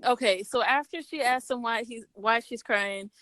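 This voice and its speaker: A woman with a fairly high voice retells a story in a loose, chatty way. She drops into a lower voice when she quotes the characters. The sound is dry and close, with no room around it. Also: normal speed, no echo. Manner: relaxed, chatty, quoting characters in a lower voice, laughs often. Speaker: podcast co-host reviewing a story. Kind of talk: casual chat retelling a story.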